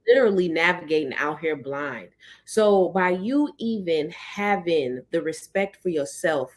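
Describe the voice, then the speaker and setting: A woman hosting a podcast, affirming her guest in a lively, slangy casual chat. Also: fairly low pitch. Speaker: podcast host.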